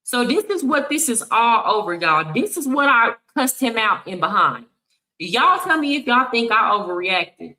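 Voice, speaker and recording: Woman, reaction host, bright tone, fairly high voice, blunt, swears a lot. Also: sing-song, normal speed, low-quality recording. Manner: blunt, confrontational, heavy swearing. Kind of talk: angry reaction commentary.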